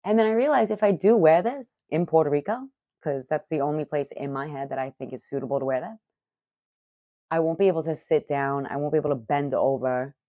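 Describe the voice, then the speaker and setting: A woman in her thirties with a low, mellow voice tells a story straight to the camera as a vlogger. She swears freely and pokes fun at herself, sounding animated. The audio is dry and a little muffled, as if recorded on lo-fi gear. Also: a little fast, no room sound. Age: 30s. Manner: profane, animated and self-mocking.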